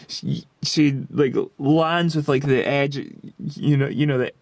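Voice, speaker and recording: A man's voice: medium pitch, steady tone, slow, dry recording. A man in his twenties casually recounting a story in a rambling way, full of fillers and restarts. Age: 20s. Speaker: vlogger.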